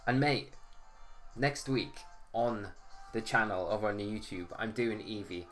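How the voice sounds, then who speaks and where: A man's voice: fairly low pitch, measured pace, fairly bright tone, faint music behind. A man hosting a casual live stream, chatting and greeting viewers by name.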